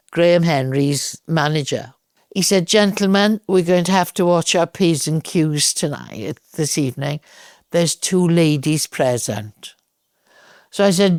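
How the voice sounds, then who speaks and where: An older woman from Wales with a Welsh accent, a podcast guest telling lively anecdotes and acting out the dialogue. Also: on the low side, dry recording, studio quality. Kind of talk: storytelling in a podcast interview.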